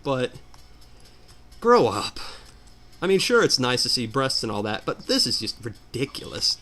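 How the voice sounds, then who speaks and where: Lively ranting man over gameplay. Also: medium pitch, normal speed, pauses often. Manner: animated, exasperated ranting. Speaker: let's player.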